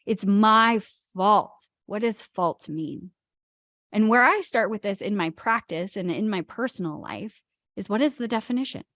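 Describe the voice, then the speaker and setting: A woman's voice: medium pitch, animated, normal speed, fairly bright tone, no room sound, clean studio sound. A woman co-hosting a spiritual talk show, stressing key words as she explains ideas. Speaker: podcast co-host.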